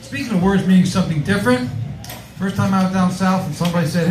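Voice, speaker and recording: Halting stand-up comic man, high voice. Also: reverberant, noisy background. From Connecticut, USA. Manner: halting, filler-heavy delivery. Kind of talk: stand-up comedy set.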